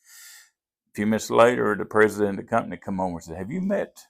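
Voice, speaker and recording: A man's voice: on the low side, steady tone, quick pace, gravelly. An older man, a pastor with a Southern Appalachian accent, telling folksy stories in an interview. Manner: folksy, drawling storyteller who acts out quoted voices. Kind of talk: storytelling in a podcast interview.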